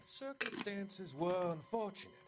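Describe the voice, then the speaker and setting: A cold manipulative psychiatrist. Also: male voice, high voice. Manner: calm, clinical, measured. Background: game music.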